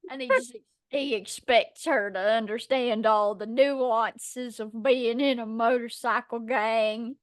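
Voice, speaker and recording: A young woman co-hosting a podcast, ranting in a blunt, profane, animated casual chat. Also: a little high, slow pace, dry recording, studio quality. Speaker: podcast co-host.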